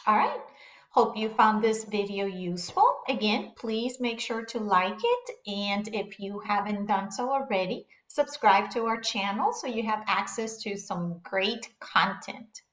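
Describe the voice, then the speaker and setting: A woman teaching beginners, drilling syllables slowly and repeating each example word twice. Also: mid-range voice, expressive, a bit bright. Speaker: Spanish teacher. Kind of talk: beginner pronunciation lesson. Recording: echoey room.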